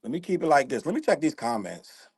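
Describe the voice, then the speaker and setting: A man's voice: on the high side, very animated, quick pace, breathy edge. A young man hosting a casual livestream, talking in loose slang, rambling, laughing often and reading out the chat. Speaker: livestream host.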